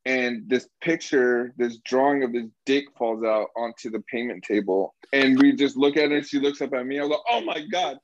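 A man's voice: medium pitch, normal speed, hardly any pauses, no room sound. Young man telling a story, laughing. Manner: animated, laughing, heavy swearing. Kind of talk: casual storytelling chat. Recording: slightly dull dry recording.

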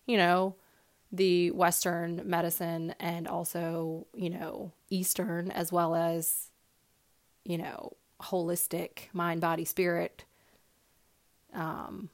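A young woman hosting a podcast, sharing a personal story in a heartfelt, casual way with many fillers and repeated words. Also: on the low side. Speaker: podcast host.

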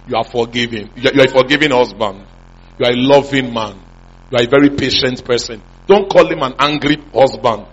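A man's voice: mid-range voice, fairly bright tone, breathy edge. A man preaching a sermon as a pastor, often asking the congregation whether he is making sense. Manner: call-and-response preaching, repeated questions to the congregation. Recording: muffled lo-fi sound.

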